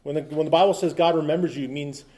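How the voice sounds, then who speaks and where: A man's voice: a little high, fairly even intonation, racing, mellow. A man preaching a sermon as pastor, talking conversationally with asides and quips, and reading scripture aloud with emphasis.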